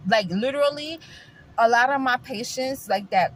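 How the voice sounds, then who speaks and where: A woman's voice: fairly high pitch, moderate pace, a bit bright, a little hiss or hum. A woman from New York with a New York accent, talking to her viewers in an opinionated casual chat, emphatic and repetitive, calling them guys. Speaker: vlogger.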